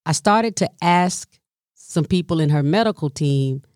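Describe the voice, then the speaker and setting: A middle-aged woman caring for her mother, telling a personal story in an animated, colloquial way and sometimes dropping into a whisper. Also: deep voice, a little slow, dry recording, clean studio sound. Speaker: family caregiver.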